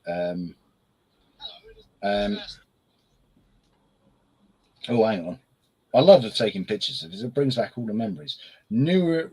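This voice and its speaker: A man's voice: fairly low pitch, darkish tone, low-quality recording. A man co-hosting a casual beer review chat, rambling with lots of fillers and restarts.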